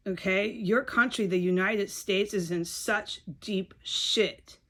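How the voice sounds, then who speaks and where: A woman's voice: mid-range voice, slow, a bit bright. A woman giving a rambling, frustrated video monologue, repeating herself and swearing often. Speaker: video blogger.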